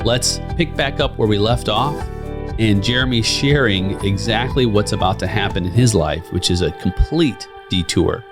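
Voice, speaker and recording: A man with a low, gravelly voice opens a podcast episode in an earnest and encouraging tone. Guitar music plays clearly underneath him. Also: moderate pace. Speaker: podcast host.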